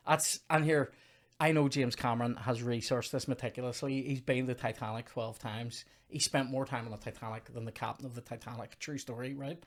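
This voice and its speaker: A man's voice: mid-range voice, steady tone, brisk. A man hosting a comedy podcast, ranting in mock outrage and casual chat about a film.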